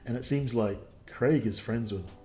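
A man's voice: mid-range voice, moderate pace, warm tone. A man streaming a dating game, reading it aloud with wry, jokey asides. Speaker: let's play streamer.

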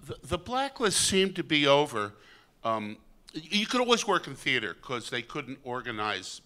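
A man's voice: medium pitch, big pitch swings, moderate pace. A man, an actor, telling an anecdote on stage, stammering and acting out quoted lines. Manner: stammering storyteller who acts out lines loudly. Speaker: actor guest.

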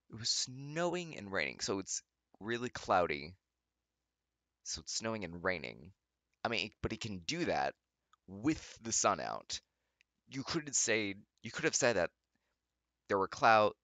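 A man's voice: sits low, bright, forceful tone, dry recording. A young man, the channel's host, reading fanfiction aloud with sarcastic, exasperated commentary and mocking rants at his computer. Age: young adult.

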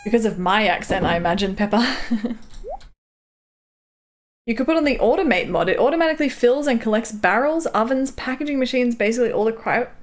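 A woman's voice: on the high side, expressive, fairly quick. A young Canadian woman streaming a farming game, chatting casually and reading her chat aloud with frequent giggles. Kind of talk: casual live-stream chat while gaming. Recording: clear game music under the voice. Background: game music.

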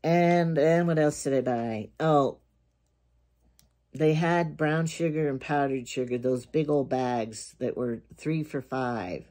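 A woman's voice: low voice, slow pace, warm tone. An older woman with grandkids, talking casually to camera in a rambling, chatty way and telling jokes. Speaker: vlogger.

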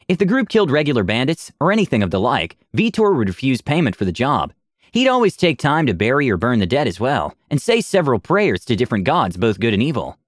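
A man tells a tabletop adventure story in a scripted narration, his pitch rising and falling lively. The recording is dry, with no room sound. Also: fast, no room sound.

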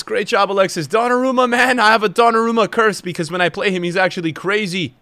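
A young man commentating his own football video game match as a streamer, swinging from low muttering to loud outbursts. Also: quick pace, few pauses, no echo. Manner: emotional, swings from muttering to shouting. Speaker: gaming streamer. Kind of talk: live gameplay commentary.

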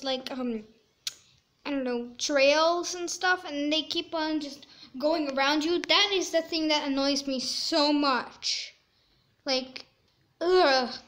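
A woman giving chatty gameplay commentary, squeamish and quick to exclaim in disgust. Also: high-pitched, fairly bright tone. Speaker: gaming video creator.

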